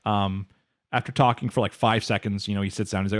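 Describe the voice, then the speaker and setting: Speaking quickly with a fairly low pitch and fairly even intonation, a man co-hosts a laid-back anime podcast. His episode recap wanders, full of filler words and lines quoted from the show.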